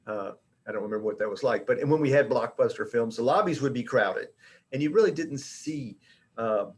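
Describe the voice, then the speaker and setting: A middle-aged man giving an informal talk to colleagues as an education director, speaking conversationally with frequent fillers and restarts. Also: mid-range voice. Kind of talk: informal presentation.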